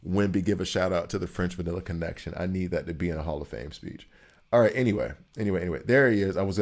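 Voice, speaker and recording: A man's voice: sits low, darkish tone. A man giving casual, rambling commentary while playing a video game, joking and repeating himself for emphasis. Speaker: gaming streamer.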